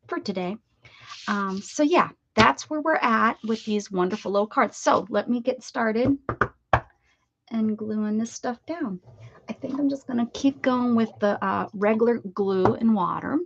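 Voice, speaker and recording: A gravelly, fairly high-pitched woman chats at normal speed while crafting live from her home craft room. She greets viewers by name and addresses her pets, with the stream's audio sounding dull and lo-fi.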